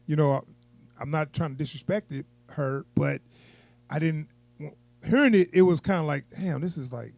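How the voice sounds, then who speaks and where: A man's voice: fairly high pitch, normal speed, vocal fry, darkish tone, dry recording. A man giving a casual, unscripted movie review, rambling and chuckling as he goes.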